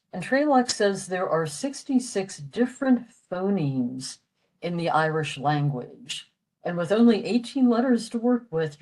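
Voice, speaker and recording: Older woman, library presenter, low voice, unhurried, patient explainer with lots of "uh"s. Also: darkish tone, low-quality recording. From western Pennsylvania, USA. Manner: patient, explanatory, with frequent fillers. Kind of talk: informal language lecture.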